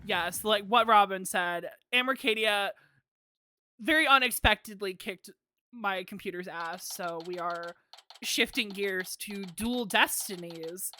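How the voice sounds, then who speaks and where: A woman's voice: medium pitch, measured pace, pushed and bright, soft background music. A woman streamer talking casually over a game, joking and swearing. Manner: chatty, swearing, joking asides.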